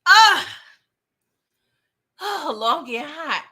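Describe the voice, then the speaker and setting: A woman casually recapping a TV episode in slangy, animated talk, laughing often. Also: fairly high pitch, unhurried. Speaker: TV recap host.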